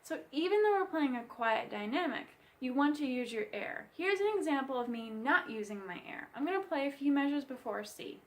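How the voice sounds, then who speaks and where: A woman bassoon teacher giving a clear, friendly instructional music lesson. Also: expressive, fairly quick, few pauses.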